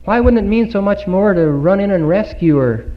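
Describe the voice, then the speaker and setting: Man, earnest sermon, slightly high voice, muffled lo-fi 1950s recording. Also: animated. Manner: earnest, rhetorical questions, dramatic pauses. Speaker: speaker giving a Bible talk. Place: congregation hall.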